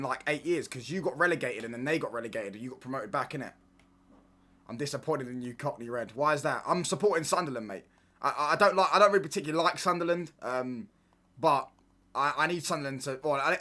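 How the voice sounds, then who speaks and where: Bright-voiced young guy streaming footy. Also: medium pitch, expressive, fairly quick. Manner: casual banter with slang, stop-start restarts. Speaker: football watchalong streamer. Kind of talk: live stream chat reading comments.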